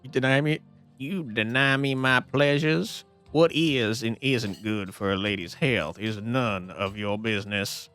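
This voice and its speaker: A man voicing a prim, haughty old female dog who talks like a Southern belle, with a slow, genteel drawl. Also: mid-range voice, fairly bright tone, soft background music, close to an everyday voice. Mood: affronted.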